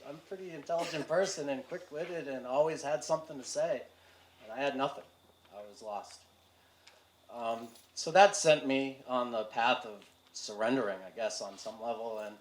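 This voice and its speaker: A man telling his personal recovery story to a live audience, halting and candid, with wry humor and frequent fillers. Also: medium pitch. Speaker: speaker sharing a recovery story. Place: community event hall with audience. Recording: roomy hall with faint room noise.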